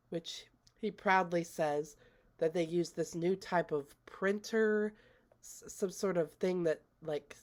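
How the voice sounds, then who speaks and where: A woman casually recapping a movie she watched, chatty and rambling, with lots of fillers. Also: fairly low pitch. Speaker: movie reviewer.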